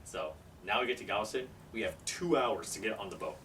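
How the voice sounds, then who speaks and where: A man telling a story casually, animated and acting out the people in it. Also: lowish voice, brisk. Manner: animated, acts out every character. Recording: distant mic, faint background noise.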